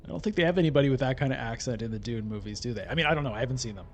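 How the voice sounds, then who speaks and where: A man's voice: mid-range voice, rapid-fire, lo-fi sound, faint music behind. A man thinking aloud while giving casual gameplay commentary on a digital board game. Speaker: gameplay streamer.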